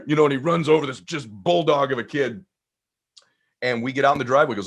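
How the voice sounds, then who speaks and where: A man telling a personal story in an energetic, conversational way as a podcast guest. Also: mid-range voice, fast. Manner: energetic, conversational, acts out voices. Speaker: guest speaker.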